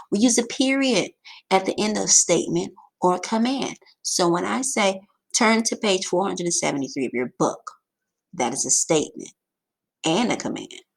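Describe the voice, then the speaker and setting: A woman teaching a grammar lesson over slides, emphatic and lively, with sudden jumps in pitch. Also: vocal fry, husky.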